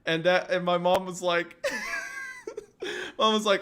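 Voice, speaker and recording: A man casually telling a family story, animated and laughing often, acting out quoted lines loudly. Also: high voice, measured pace, pauses often, clean tone. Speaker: streamer.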